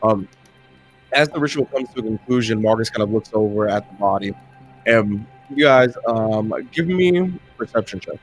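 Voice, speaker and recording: A man's voice: on the low side, animated, normal speed, faint music behind. A man narrating a tabletop game as dungeon master, rambling and hesitant with lots of fillers.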